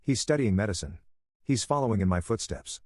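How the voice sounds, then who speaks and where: Brief: man voicing a firm, angry dad, low voice, dry close sound. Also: lively intonation, a little fast, dry recording. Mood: stern, angry. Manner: presses with sharp questions. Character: stern middle-aged father, angry and firm.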